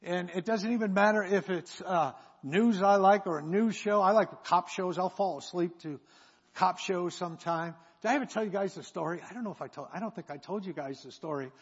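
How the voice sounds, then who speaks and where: A man's voice: high-pitched, brisk, breathy edge. A man preaching, telling a rambling story with self-mocking humor. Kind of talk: sermon storytelling. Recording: echoey hall, dull sound.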